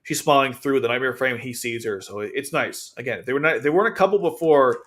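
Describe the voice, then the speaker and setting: Quick and a bit bright, his mid-range voice carries a rambling, casual recap of an anime episode over video. He's an anime reviewer hosting his own channel, and his commentary is full of fillers and restarts.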